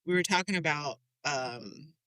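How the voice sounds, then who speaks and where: A woman hosts a relaxed podcast chat with a bright, forward voice. She tells stories in a lively way, laughs often and swears casually. The sound is close and dry, with no room around her. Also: sits low, unhurried, no echo. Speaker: podcast host. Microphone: desk microphone.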